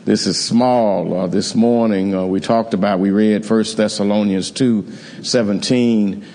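Low-voiced preacher in a reverberant hall. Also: male voice, steady tone, measured pace, dark tone. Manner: conversational, repeats words, call-and-response amens. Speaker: pastor. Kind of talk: evening sermon. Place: church sanctuary.

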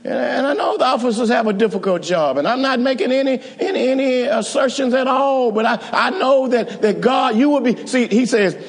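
Male preacher, high, husky voice; emphatic, rousing sermon delivery in a long-reverb hall. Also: fairly quick, hardly any pauses. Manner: emphatic and rousing, many repeated restarts; calls out to the congregation.

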